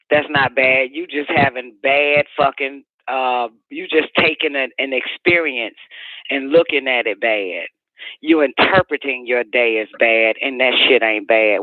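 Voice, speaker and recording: A man's voice: medium pitch, no room sound, natural voice. Guy putting on an angry woman cussing out her man, dry phone-line sound. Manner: profane, shouting, scornful rant. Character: furious woman ranting at her partner.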